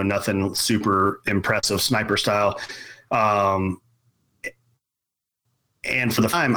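Low-voiced man telling a rambling story. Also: bright, forceful tone, rough recording. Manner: rambling, repeats words, filler-heavy. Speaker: podcast guest. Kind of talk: casual storytelling.

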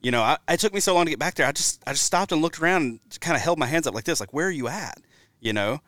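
A man hosting a casual hunting podcast, chatty and telling stories with lively asides. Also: a little high, very fast, dry recording. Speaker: podcast host.

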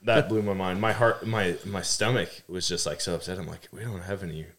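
A man's voice: deep voice, fairly quick, fairly bright tone. A young adult man hosting a podcast, chatting upbeat and telling stories to his relatives. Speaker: podcast host. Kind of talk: casual conversational interview.

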